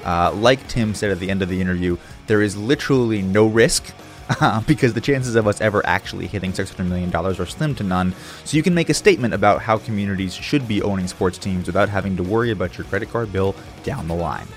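Joking podcast co-host with a low voice. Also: male voice, quick pace, soft background music. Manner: jokey, rambling storytelling with fillers. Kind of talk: comedic podcast banter.

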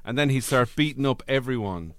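A man's voice: medium pitch, lively intonation, a little fast, fairly bright tone, clean tone, no room sound, clean studio sound. A man co-hosting a podcast, chatting casually and laughing as he builds absurd jokes. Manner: laughing, riffs on absurd scenarios. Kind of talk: casual comedic chat.

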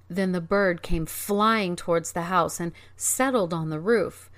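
A woman narrating a fairy tale in a measured, expressive reading. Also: lowish voice. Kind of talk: storybook narration.

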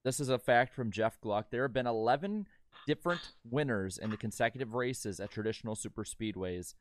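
A man co-hosting a casual podcast who delivers a brisk, matter-of-fact news rundown. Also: medium pitch, no room sound. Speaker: podcast co-host.

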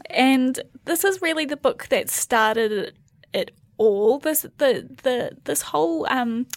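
A woman's voice: high-pitched, lively intonation, slow, dry recording. A woman, co-hosting a podcast in casual chat, rambling and restarting as she explains. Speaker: podcast co-host.

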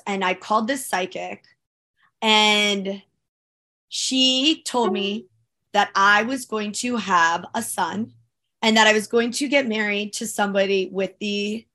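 Woman, podcast co-host, bright voice, casual chat, emphatic. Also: mid-range voice, measured pace. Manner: animated, emphatic storyteller.

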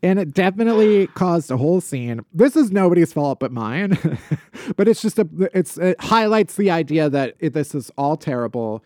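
A man's voice: a little high, moderate pace, dry recording, studio quality. A man co-hosting a comedy podcast, ranting about everyday annoyances in a casual, joking way. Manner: animated ranting complaints. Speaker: podcast co-host. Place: podcast studio.

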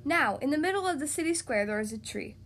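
A woman hosting a children's podcast, reading a storybook aloud in an expressive, animated way. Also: high-pitched, fast talker, faint music behind. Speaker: podcast host and story reader.

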